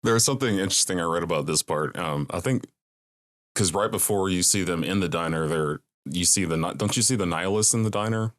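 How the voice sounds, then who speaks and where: A man's voice: low-pitched, fast talker, a bit bright, no room sound. A man co-hosting a movie podcast, chiming in with dry wisecracks and questions. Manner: dry wisecracks and frequent laughter. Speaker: podcast co-host. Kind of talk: casual movie chat.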